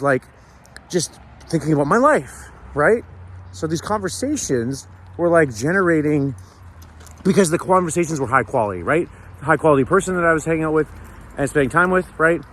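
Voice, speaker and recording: A man talking through a casual walking vlog outdoors in the morning, reflective and rambling, with many restarts and "right?" tags. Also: on the high side. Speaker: sober vlogger. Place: outdoors on a city street at sunrise.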